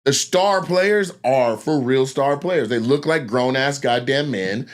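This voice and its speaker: A man telling stories in a casual chat, animated and profane, acting out the voices of people he quotes. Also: mid-range voice, measured pace. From Lacey, Washington. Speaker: comedian guest.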